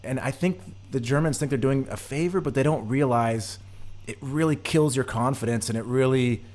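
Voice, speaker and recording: A man from the United States chats as a podcast guest in an easygoing, rambling way. His pitch sits in a middle range. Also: moderate pace, darkish tone. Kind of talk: casual podcast chat.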